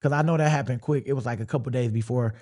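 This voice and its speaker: A male football player as an interview guest, telling his story in a relaxed, reflective, drawling way and acting out his own thoughts as he goes. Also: medium pitch, very fast. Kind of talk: casual sit-down interview.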